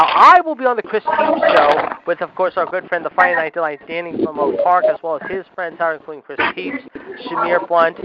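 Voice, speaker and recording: Lo-fi man hosting radio with loud hiss. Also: a little high. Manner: announcer-style, leans on "however" and "ladies and gentlemen". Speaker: wrestling radio show host. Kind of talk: internet radio talk show. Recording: dull lo-fi audio with loud noise.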